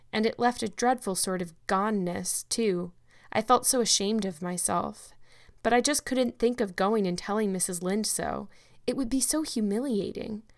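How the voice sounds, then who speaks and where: A woman's voice: mid-range voice, vocal fry, close to an everyday voice. Talkative orphan girl, voiced by a woman narrator: earnest, wordy, heartfelt.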